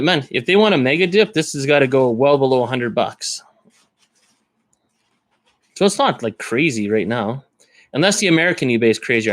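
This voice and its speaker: A Canadian card collector streams live, talking casually in a mid-pitched voice and rambling as he thinks aloud while browsing listings. The recording is dry and close, with no surrounding room sound.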